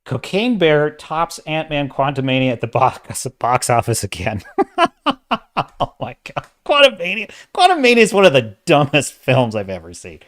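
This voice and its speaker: This animated, exasperated man hosts a sci-fi and fantasy commentary channel and is ranting casually on a livestream. With a mid-range voice at normal speed, he's opinionated and speaks in bursts, restarting as he goes.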